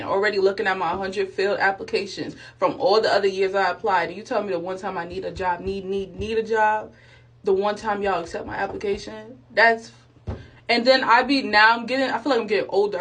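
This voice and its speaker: A young woman vlogger telling a faith testimony in a casual, slangy way, acting out the people she quotes. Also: medium pitch. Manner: animated, acts out quotes, slangy and expressive.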